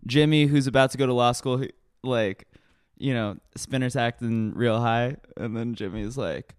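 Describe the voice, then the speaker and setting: A man's voice: mid-range voice, clean tone, no room sound, clean studio sound. A man co-hosting a casual chat, rambling and laughing as he retells scenes. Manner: rambling, laughing, quick retellings with put-on quotes.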